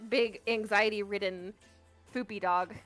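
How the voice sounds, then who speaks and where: A woman's voice: medium pitch, fairly even intonation, a little slow, a bit bright, faint music behind. A woman co-hosting a trivia stream in casual chat, rambling and self-deprecating, often giggling.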